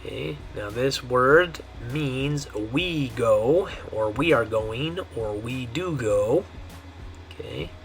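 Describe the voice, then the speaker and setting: A man's voice: mid-range voice, lively intonation, faint music behind. Patient man teaching pronunciation. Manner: patient, repeats words slowly with frequent "okay". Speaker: Spanish teacher. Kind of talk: language lesson.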